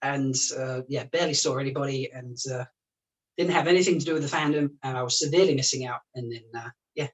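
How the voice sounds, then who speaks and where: A chatty chef hosts a charity livestream from a home kitchen, laughing often and talking while cooking. The voice sits at a middling pitch and sounds set back from the microphone. The talk is casual and friendly. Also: fast talker. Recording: voice picked up from a distance.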